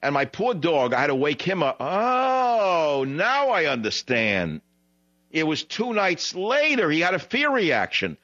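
A man hosting a call-in radio show, telling a long rambling anecdote in a blunt, digressive way, his voice jumping high when he retells what others said. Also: big pitch swings, moderate pace, hardly any pauses, fairly bright tone, no echo, muffled recording. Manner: blunt, digressive, frequent "blah, blah, blah". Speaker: radio talk show host.

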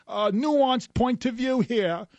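A pompous British talk-show host who waffles and dodges the question, as a man mocks him with a put-on British accent. The voice sits high for a man and drags out its hedges. It sounds close and dry, with no room around it. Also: a little mellow, no echo, highs cut off, full character voice. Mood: evasive, mocking. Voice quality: mocking, drawn-out hedging.

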